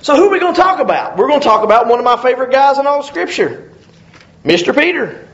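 A man preaching a sermon as pastor, animated and joking, acting out little voices as he goes. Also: extremely high pitch, quick pace. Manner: animated, jokes and acts out voices. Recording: echoey room, dull lo-fi sound.

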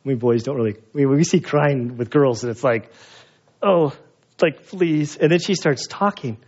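A middle-aged male pastor preaching a conversational sermon, telling personal stories in an animated, self-mocking way. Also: mid-range voice, normal speed, breathy edge. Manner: animated, chatty storytelling with self-mocking humor. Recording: dull lo-fi sound.

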